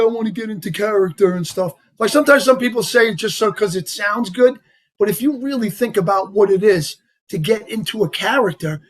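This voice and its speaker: This actor guest has a heavy New York accent and a high voice. In a casual interview he talks in an animated, rambling way, packed with "you know" and "like."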